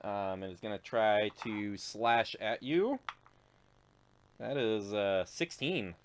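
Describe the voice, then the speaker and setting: A man's voice: on the low side, slow, slight background noise. A man narrating as game master of a tabletop game in a laid-back, chuckling manner with many fillers. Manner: laid-back, laughs often, lots of fillers.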